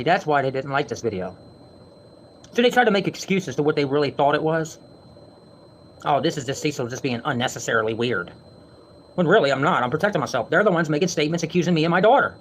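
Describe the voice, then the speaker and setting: High, fast-talking ranting man. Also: slight background noise. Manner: heated, defensive, profane. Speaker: vlogger. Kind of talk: ranting monologue to viewers. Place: home.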